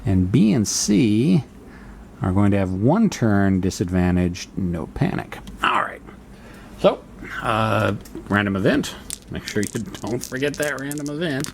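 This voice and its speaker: Muttering through a solo board wargame, a man reads the rules aloud and works out each turn. His voice is fairly low and gravelly, sing-song and unhurried, with slight background noise.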